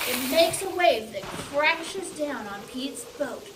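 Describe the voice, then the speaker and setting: Using playful pirate-talk, a children's storytime reader works through a picture book, animatedly quizzing the kids as she goes. She sits high in pitch and takes it slowly with hardly any pauses, captured on a distant mic under heavy background noise.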